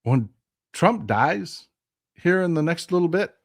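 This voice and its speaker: Somewhat slowly and with lively intonation, a man from Texas delivers political commentary on his vlog in a voice on the high side. He's passionate, blunt and profane, and he repeats phrases for emphasis.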